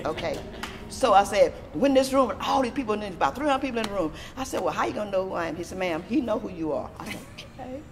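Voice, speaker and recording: A middle-aged woman from Texas, a disability advocate, telling a story in a lively, animated way with laughter. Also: medium pitch, fast talker. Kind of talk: storytelling interview.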